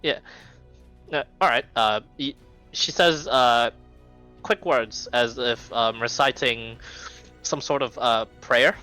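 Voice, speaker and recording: Brief: male game master, bright tone, rambling streamed tabletop narration, soft background music. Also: mid-range voice, takes it slowly, long pauses, poor audio. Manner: rambling narration full of ums and restarts.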